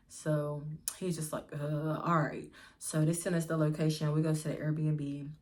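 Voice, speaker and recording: A young woman from the Pittsburgh area, US, chats to viewers at home in a casual storytime vlog, calling them y'all. She's lively and swears freely, with a low voice at a moderate pace.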